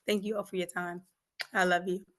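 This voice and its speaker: A woman's voice: fairly low pitch, level tone, brisk, fairly bright tone. A woman guest and grief coach giving a fervent, preachy faith testimony, often laughing and repeating phrases for emphasis.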